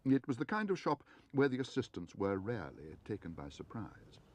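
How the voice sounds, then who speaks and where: A man streaming from home, reading a children's storybook aloud in an expressive, animated way. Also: mid-range voice, normal speed, a little hiss or hum.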